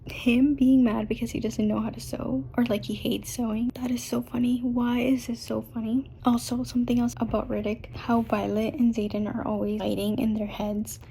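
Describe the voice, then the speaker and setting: A young woman chatting casually in a reading vlog, gushing as a fan and often dropping to a hushed, whispery voice. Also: on the high side, little pitch movement, normal speed, gravelly, hardly any pauses, a little hiss or hum, rough recording. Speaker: book vlogger.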